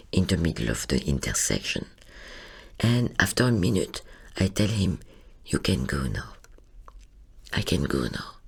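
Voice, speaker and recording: A woman reading a literary monologue, husky and creaky, often sinking into a whisper. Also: very deep voice. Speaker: narrator.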